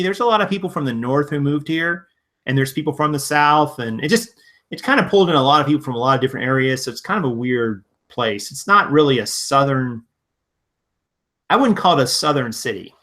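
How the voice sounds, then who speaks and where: A man's voice: a little high, a bit bright. A man from Virginia hosting a casual live stream, answering viewer comments in a rambling, conversational way full of restarts. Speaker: live-stream host and reseller.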